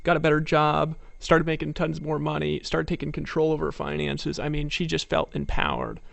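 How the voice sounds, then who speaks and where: A man's voice: a little high, completely flat delivery, moderate pace, creaky, fairly bright tone, no room sound. A man giving a persuasive motivational sales talk, telling stories and firing off rhetorical questions. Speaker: network marketing presenter.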